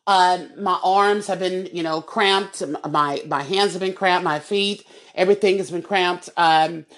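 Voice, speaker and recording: A woman with a fairly low voice hosts a solo podcast monologue. She talks in a heated, emphatic way, and she often circles back and repeats her words. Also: steady tone, unhurried, a bit bright. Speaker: podcast host.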